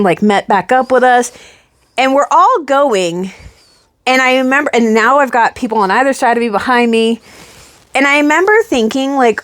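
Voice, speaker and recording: A woman in her thirties co-hosting a casual chat, telling a story with lots of swearing and acting out her own panic. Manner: animated, swears freely, acts out her own panic with big pitch jumps. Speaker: podcast co-host.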